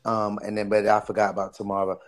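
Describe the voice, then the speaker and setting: Blunt, lower-voiced male co-host. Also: completely flat delivery, fast talker. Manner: blunt, terse verdicts. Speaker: podcast co-host. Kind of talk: casual recap chat.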